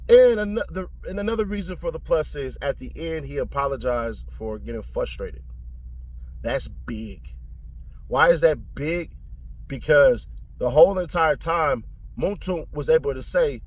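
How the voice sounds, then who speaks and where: Blunt, profane man with a higher voice. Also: lively intonation, moderate pace. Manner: blunt, profane, slangy, with sudden high-pitched emphasis. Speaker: trial commentator. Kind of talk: casual commentary.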